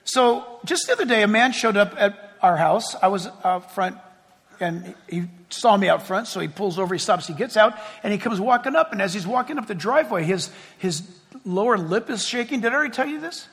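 Pastor, male, high and sharp voice, lively conversational sermon, hall reverb. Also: a little fast, slightly rough. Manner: lively, conversational preaching with asides and acted-out scenes. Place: church sanctuary before a congregation. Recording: long reverb of a large hall.

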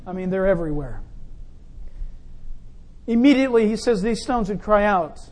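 A pastor preaches a sermon in a high voice at normal speed, animated as he acts out the crowd's shouts. He keeps slipping in and out of the voices of the scene he describes.

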